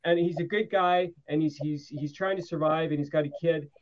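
Eager rambling man, slightly high voice. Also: steady tone, fairly quick, highs cut off, a little hiss or hum. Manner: enthusiastic, rambling recaps with many fillers. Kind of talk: casual podcast chat.

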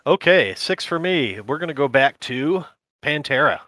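A man co-hosts a casual podcast chat, his voice bright and forward. The sound is close and dry, with no room around it. He is enthusiastic and laughs easily. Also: fairly high pitch, animated, normal speed, dry recording. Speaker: podcast co-host.

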